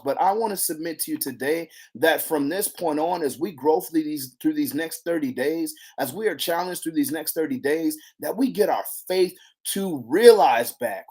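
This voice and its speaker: Excitable devotional preacher. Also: medium pitch, slightly rough. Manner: excitable, shouts out bursts of praise. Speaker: devotional challenge leader. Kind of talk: energetic devotional teaching. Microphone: handheld camera.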